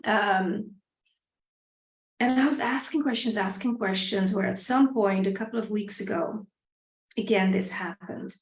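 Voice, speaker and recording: Middle-aged woman hosting a live stream, earnest personal storyteller, mid-pitched, echoey room. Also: a little slow. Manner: earnest, reflective, repeats phrases; drops to a soft, quiet voice at times. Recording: roomy echo.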